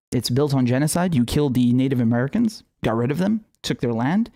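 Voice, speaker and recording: A young man giving a heated solo political commentary, swearing often and ranting sarcastically. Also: medium pitch. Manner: profane, animated, sarcastic rants.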